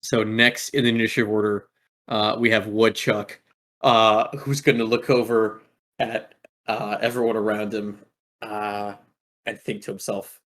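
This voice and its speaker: A man's voice: lowish voice, level tone, unhurried, a bit bright. A man narrating as game master in a casual way, full of fillers. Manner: casual, many fillers, swears.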